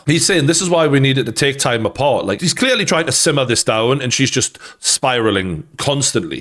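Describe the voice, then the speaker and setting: A man's voice: mid-range voice, expressive, moderate pace, few pauses, a bit bright. A man with a Geordie accent hosting a reaction channel, giving blunt, sarcastic commentary peppered with swearing.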